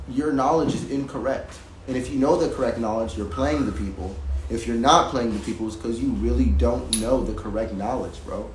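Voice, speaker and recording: In a roomy recording with a faint hiss, a man with a mid-range, slightly mellow voice rants at his home music setup. He reacts to a video in a rambling, emphatic way, swearing and circling back over the same points.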